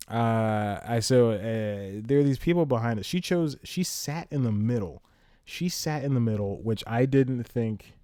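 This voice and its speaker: A man's voice: on the low side, warm tone, no echo, studio quality. A man hosting a casual solo podcast from home, rambling, restarting his sentences and laughing often. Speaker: podcast host.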